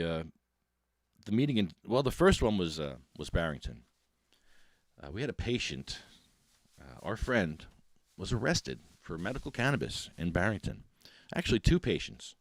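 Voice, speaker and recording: A man with a low voice hosts a casual solo podcast, rambling and poking fun at himself. His pitch swings widely from line to line. The sound is dry and close, with faint music underneath. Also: no room sound. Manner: rambling, self-deprecating, with frequent restarts. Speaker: podcast host.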